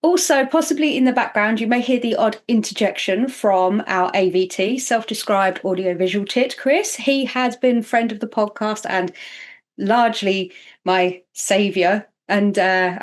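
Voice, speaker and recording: A woman hosting a podcast in casual chat, chatty and self-mocking with quick asides. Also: mid-range voice. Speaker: podcast host.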